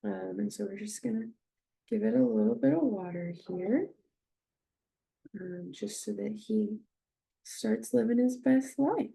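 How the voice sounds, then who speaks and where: Slow, gravelly-voiced woman teaching. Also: medium pitch, dark tone. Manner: hesitant, many fillers, models phrases slowly with heavy stress. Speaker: speech therapy instructor. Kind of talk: instructional demonstration.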